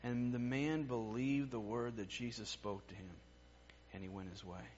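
Earnest preacher man, hushed to emphatic. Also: mid-range voice, steady tone, moderate pace, highs cut off, a little hiss or hum. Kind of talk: sermon.

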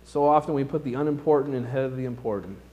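A man's voice: mid-range voice, racing, warm tone, highs cut off. Plain-spoken male preacher. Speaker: pastor. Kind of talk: sermon.

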